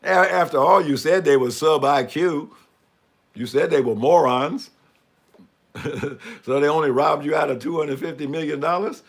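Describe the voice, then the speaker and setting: A man's voice: fairly high pitch, normal speed. A man giving sarcastic, mocking commentary on a live stream and asking for the next image as he talks through slides. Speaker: speaker commenting on news images.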